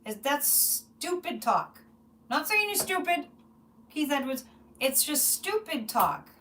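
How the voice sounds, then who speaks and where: A high-voiced woman talks animatedly to her viewers on a casual psychic livestream. She rambles, restarts her sentences and gets worked up. The mic sits a little distant from her. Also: sing-song, takes it slowly, bright, forceful tone. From United States.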